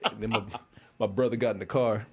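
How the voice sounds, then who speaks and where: A man hosting a podcast, telling a story in a casual, animated way, laughing often and getting loud when he quotes people. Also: lowish voice, brisk, slightly rough. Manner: animated, laughs often, shouts when quoting his brother. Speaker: podcast host.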